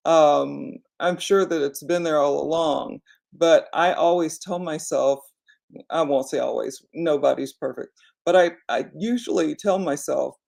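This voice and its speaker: A woman with a low, gravelly voice talks to the camera as an online business coach. Her tone is mellow and unhurried. She encourages her viewers directly and fills her sentences with "you know.". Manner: conversational, frequent "you know" fillers. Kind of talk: casual reflective vlog talk.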